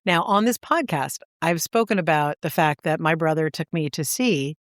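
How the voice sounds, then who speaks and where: A woman co-hosting a podcast, chatting and telling stories with animated impressions. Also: sits low, moderate pace, no room sound, clean studio sound. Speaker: podcast co-host. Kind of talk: casual chat.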